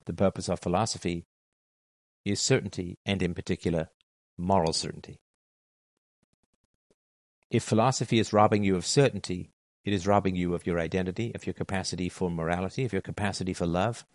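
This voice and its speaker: Emphatic middle-aged man, low dry voice. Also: steady tone, a little fast, pauses often, dry recording. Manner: emphatic, repeats key phrases. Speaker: philosophy talk host. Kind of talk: monologue to listeners.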